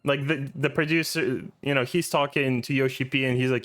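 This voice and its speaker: A man's voice: mid-range voice, fairly even intonation, a little fast, a bit bright. A man streaming and reacting to a video in casual, rambling commentary, swearing often and laughing easily.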